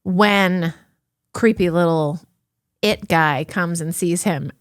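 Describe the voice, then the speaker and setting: A woman co-hosting a casual TV review chat, animated and exasperated, laughing often. Her voice is close and dry, with no room sound around it. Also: fairly low pitch, slow pace, clean tone, no room sound. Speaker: podcast co-host.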